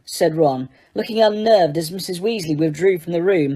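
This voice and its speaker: A woman narrating an audiobook in a steady storytelling manner, with the odd small slip. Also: on the low side, normal speed. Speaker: audiobook reader.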